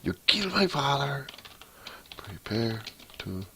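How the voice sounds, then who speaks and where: A man's voice: medium pitch, sing-song, takes it slowly, sharp tone, a little hiss or hum, pitched above the performer's own voice, heavily acted. A man voicing a vengeful swordsman out for revenge, stretching the lines in a hammy way. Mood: dramatic.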